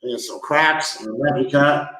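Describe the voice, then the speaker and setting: A man's voice: on the high side, normal speed, pushed and bright. A man hosting a casual livestream from a sparse room at home, telling rambling stories and joking, laughing often. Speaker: livestream host. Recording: echoey room.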